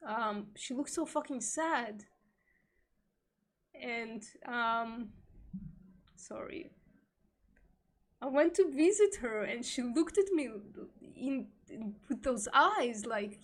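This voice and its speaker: A woman's voice: on the high side, animated. A woman streaming live, reading an article aloud and breaking off into emotional, heavily sworn asides, tearful at times. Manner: slow, swears often, emotional asides.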